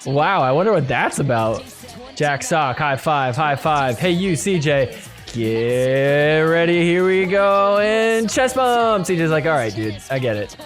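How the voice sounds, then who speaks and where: A man's voice: a little high, faint music behind. A man hosting a podcast, recapping sports clips in a casual, joking way and laughing often. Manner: laughs often, acts out players' thoughts in quick asides. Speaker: podcast host.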